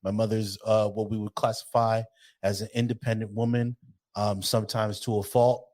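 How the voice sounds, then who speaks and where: A man's voice: on the low side, normal speed. Blunt, profane man on a podcast. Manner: blunt, profane, opinionated, animated. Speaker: podcast co-host. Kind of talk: casual podcast chat.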